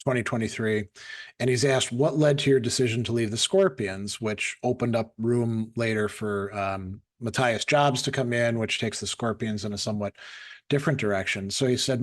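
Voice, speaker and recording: A man's voice: mid-range voice, normal speed. Man reading quotes in a chat. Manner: reads out quotes and asks questions, thoughtful. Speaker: co-host. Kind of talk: casual chat.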